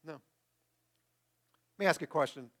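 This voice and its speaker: High-voiced pastor preaching with emphasis. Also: male voice, normal speed, fairly bright tone. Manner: emphatic, repeats words for a rousing effect. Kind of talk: sermon. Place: church.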